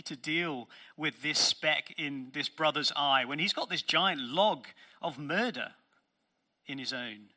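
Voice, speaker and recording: A man's voice: fairly high pitch, sharp tone. A man preaching a sermon as pastor, earnest and emphatic, posing rhetorical questions to his congregation.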